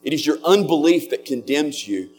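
A man preaching a sermon as a pastor, earnest and slowing down on key words. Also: a little high, animated, darkish tone, faint music behind.

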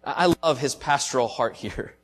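A man preaching a sermon as pastor, speaking earnestly and from the heart, his voice swelling and falling in loudness. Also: mid-range voice, normal speed, slightly rough. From Southern United States.

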